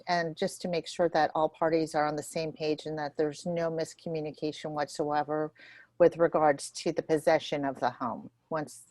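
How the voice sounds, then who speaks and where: Woman, real estate trainer, lowish voice, nervous, quick, lots of ums, dry close sound. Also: a little mellow, no room sound. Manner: nervous, quick, with many fillers and restarts. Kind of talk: live training session walking through forms.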